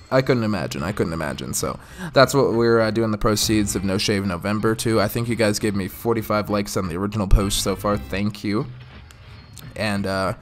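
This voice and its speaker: A man with a somewhat low voice talks casually to his viewers while playing slots. He rambles in a friendly way, leaning on fillers and "let's go ahead.". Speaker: slots channel host. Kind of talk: casual commentary over mobile slot play.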